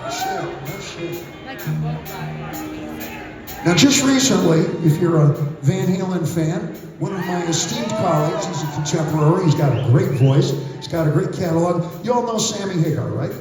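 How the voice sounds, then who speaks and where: A man's voice: high voice, animated, a little fast. An older man telling profane, theatrical stories between songs on stage at a concert. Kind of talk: onstage storytelling banter. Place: large concert venue. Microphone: handheld stage mic. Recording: echoey live concert audience recording. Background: band music and cheering crowd.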